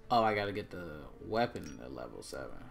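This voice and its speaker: A man giving casual, joking commentary while playing a shooter game, with sudden loud bursts of excitement. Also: deep voice, a little fast, vocal fry, soft background music. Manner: joking, loose and self-mocking. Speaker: gamer.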